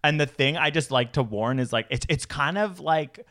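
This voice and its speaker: A man co-hosting a podcast in casual chat, animated and laughing often, acting out voices of people he quotes. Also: a little high, normal speed. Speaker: podcast co-host.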